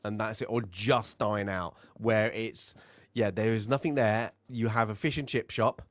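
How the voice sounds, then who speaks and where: A man's voice: on the low side, steady tone, a little slow, no echo. A man co-hosting a film review show in casual, rambling chat, full of fillers and restarts.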